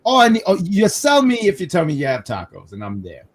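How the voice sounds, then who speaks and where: A man from New York hosting a casual live wrestling review stream, telling animated stories with self-mocking jokes. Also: fairly high pitch, brisk. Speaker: podcast host.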